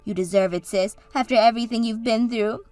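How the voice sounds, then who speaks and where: A woman's voice: a little high, a little fast, a little mellow, no echo, soft background music, close to an everyday voice. A woman voicing Katie, a bubbly and encouraging sister and maid of honor, in a scripted story drama. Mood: cheerful.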